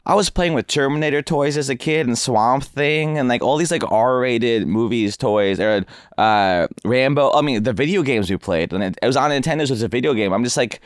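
A man's voice: medium pitch, a little fast, few pauses, dry recording, studio quality. A man in his thirties from the United States, chatting casually as a podcast guest, rambling and teasing with lots of laughs. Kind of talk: casual chat.

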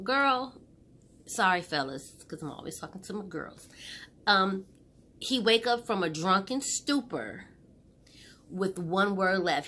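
A woman hosting her own commentary channel, retelling a film to her viewers in a loose, chatty way. Her voice sits at a middle pitch with a bright edge. She talks straight to the audience and keeps things casual. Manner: chatty, animated, addresses viewers directly. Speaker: commentary host. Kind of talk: casual movie recap commentary.

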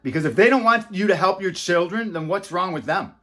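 A man in his fifties speaks straight to his viewers in a loose, chatty way. His voice is husky and sits a little high. He swings from loud, excited bursts down to near-whispers and teases his listeners as he goes. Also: fairly quick. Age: 50s. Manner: animated, swinging between loud and hushed, teasing. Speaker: self-help author and host. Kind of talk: casual talk to camera.

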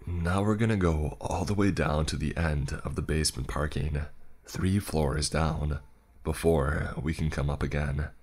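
A man's voice: rumbling low, steady tone, measured pace, a little mellow. A man narrating a horror story in the first person, with a dry, sarcastic storytelling manner.

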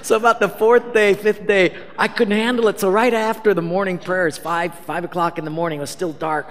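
A man preaching as a pastor, telling a story with animated, self-mocking humor and acting out the dialogue. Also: high voice, fairly quick. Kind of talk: storytelling sermon. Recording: reverberant hall.

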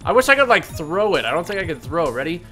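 Lively, excitable man playing games. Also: a little high, fast, faint music behind. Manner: excitable, jokey, loud outbursts. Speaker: gaming video host. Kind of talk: let's play commentary.

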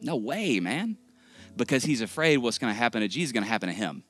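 Joking, animated man preaching a sermon. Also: mid-range voice, rapid-fire, soft background music. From Texas. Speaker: pastor. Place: large church auditorium.

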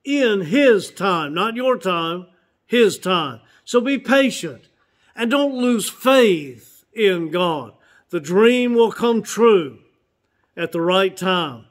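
A pastor in his sixties delivers a sermon in a notably high voice for a man. He speaks earnestly and stretches out and repeats his key phrases for weight. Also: expressive, slow pace.

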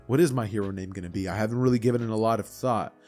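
A man's voice: on the low side, racing, a little mellow, soft background music, close to an everyday voice. A man voicing a smug, short-tempered teenage boy hero, cocky and snappish in a near-everyday voice, in a narrated fan story. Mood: musing.

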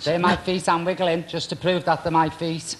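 A man's voice: a little high, little pitch movement, moderate pace, a little hiss or hum. A man hosting a comedy sketch show in a female persona, with brassy camp patter. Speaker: drag comedy host. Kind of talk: comic sketch with studio audience.

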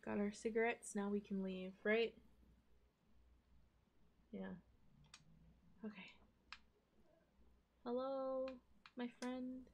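A woman streamer giving live, excitable, giggly commentary while she plays a video game. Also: fairly high pitch, takes it slowly, long pauses.

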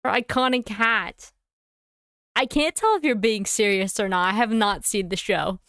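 A woman streamer chatting casually to herself and her audience while playing a game, thinking aloud with quick asides. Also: medium pitch, a bit bright, no echo, clean studio sound.

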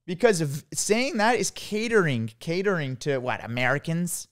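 A man's voice: fairly high pitch, sing-song, normal speed. Playful young Canadian man chatting. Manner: rambling, playful, laughs often. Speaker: podcast co-host. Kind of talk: casual chat.

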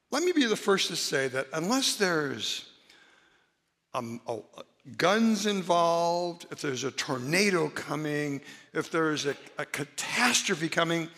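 Bright-voiced pastor preaching in a hall. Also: male voice. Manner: conversational, dramatizes examples with shifts in pitch and volume. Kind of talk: sermon. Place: church.

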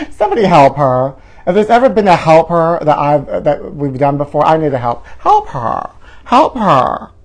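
A man's voice: on the high side, huge pitch swings, unhurried. A man playing a flamboyant, self-adoring male gossip show host, rambling dramatically with sighs and groans in a campy comedic monologue. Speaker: parody talk-show host.

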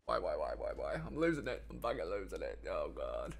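A man's voice: sits low, a little fast, gravelly, background noise. A man streaming a video game, reacting aloud with sudden outbursts and swearing, often talking to the enemies on screen. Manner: excitable, swearing, talks to the game. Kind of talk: gaming commentary.

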